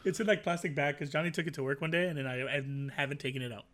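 A man's voice: fairly high pitch, very fast, fairly bright tone. A man co-hosting a podcast, rambling and self-deprecating in casual chat. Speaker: podcast co-host.

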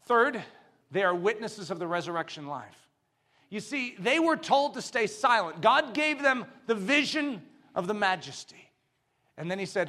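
A male preacher with a high, bright, ringing voice. He moves from loud, emphatic declarations down to hushed, intense lines and keeps putting rhetorical questions to the congregation. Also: big pitch swings, moderate pace. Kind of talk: sermon.

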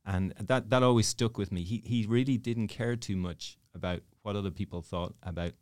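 A man's voice: on the low side, moderate pace, no room sound. A man in his thirties with an Irish accent, a priest telling stories as a guest in a casual chat. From Ireland. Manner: storytelling, self-deprecating, soft-spoken.

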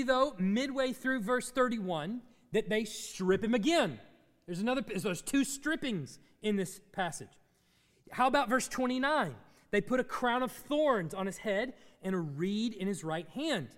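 Animated preacher in an echoing hall. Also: male voice, high-pitched. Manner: animated teaching, asks the congregation questions. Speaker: pastor. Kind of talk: sermon.

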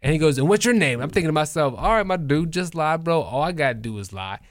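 A young man chatting casually on a podcast, telling stories in an animated way, swearing and acting out other people's voices. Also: a little high, fast talker. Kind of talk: casual storytelling chat.

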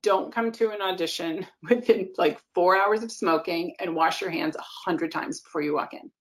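A woman casting director answering interview questions in an animated, emphatic way, with quick asides. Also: lowish voice. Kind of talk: casual interview talk.

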